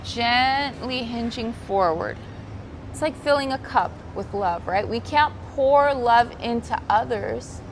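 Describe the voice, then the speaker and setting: A woman leads a guided yoga class with gentle, soothing cues, her voice sitting a little high. She talks outdoors by the sea, and faint background noise hangs under her words. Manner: slips into Spanish cues. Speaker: yoga instructor. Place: outdoors by the ocean.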